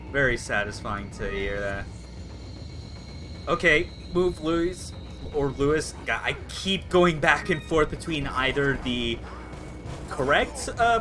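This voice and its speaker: A young man chatting excitably while live-streaming a video game. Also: mid-range voice. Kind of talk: live gameplay commentary.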